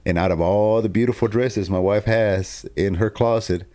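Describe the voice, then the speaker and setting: A man with a very deep, low voice tells a family story in a casual, animated way. He laughs often and acts out what everyone said along the way. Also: moderate pace. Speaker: co-host telling his testimony.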